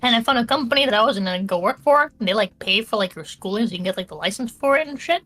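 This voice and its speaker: Bright-voiced woman podcast co-host; casual, profane, joking. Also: fairly high pitch, lively intonation, very fast, soft background music. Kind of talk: casual chat, reading listener questions.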